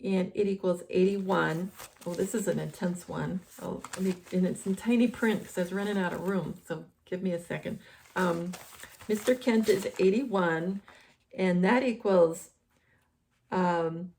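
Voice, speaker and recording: Gravelly-voiced woman rambling through commentary. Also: lowish voice, unhurried, a little mellow. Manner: rambling, many fillers and restarts. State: losing her voice. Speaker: host. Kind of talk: casual decoding commentary.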